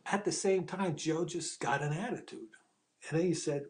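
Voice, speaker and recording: Middle-aged male screenwriter, slightly high voice, animated anecdote teller who acts out quotes and swears freely. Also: moderate pace. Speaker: screenwriter and ghostwriter telling his story.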